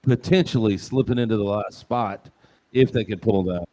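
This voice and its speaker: A man's voice: lowish voice, moderate pace, dark tone. A man co-hosting a casual football picks show, joking and rambling with punchy asides. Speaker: show co-host. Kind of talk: casual sports betting chat.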